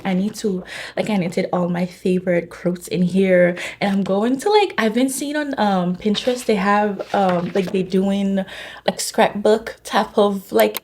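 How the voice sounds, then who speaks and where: A woman chats about her reading in a casual vlog, her voice sitting at an ordinary middle pitch. She gushes and rambles, with plenty of fillers and restarts. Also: a little mellow. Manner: chatty, gushing, filler-heavy. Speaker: book vlogger. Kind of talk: casual chat.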